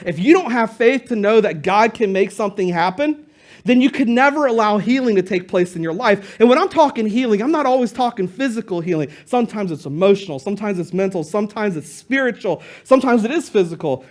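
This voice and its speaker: A male pastor preaching a sermon to his church in a casual, conversational way, retelling stories with playful asides. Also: high voice.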